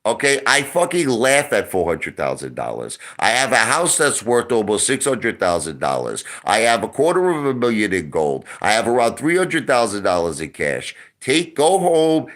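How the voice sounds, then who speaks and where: A man's voice: fairly low pitch, very animated, moderate pace, hardly any pauses, a bit bright. A middle-aged man ranting on a livestream, boastful and mocking, with crude insults and repeated lines. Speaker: online video host.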